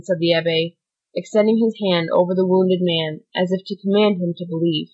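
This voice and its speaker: A woman narrating an audiobook in an even, unhurried storytelling manner. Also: on the low side, lo-fi sound. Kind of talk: scripted narration.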